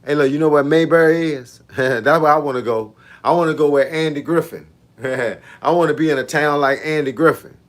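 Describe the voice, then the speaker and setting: A man's voice: a little high, normal speed. A man, a fitness coach chatting casually with viewers on a livestream in laid-back, slangy banter. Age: 50s.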